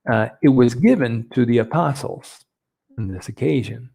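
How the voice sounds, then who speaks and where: A man teaching a Bible lesson, halting often with fillers and restarts. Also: mid-range voice, gravelly, mellow, soft background music. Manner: hesitant, many fillers and restarts, switching between two languages.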